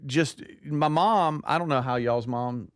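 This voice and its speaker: A man's voice: fairly high pitch, unhurried, no room sound, clean studio sound. A man co-hosting a talk show, telling a family story and acting out the voices of the people in it. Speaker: podcast co-host.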